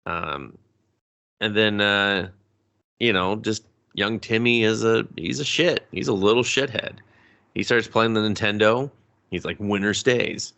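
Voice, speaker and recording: A young man co-hosts a relaxed movie review chat. His voice sits fairly low but cuts through bright and forceful. He talks loosely and profanely, jumping into quoted character voices as he retells scenes. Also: a little slow, creaky, dull audio. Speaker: podcast co-host.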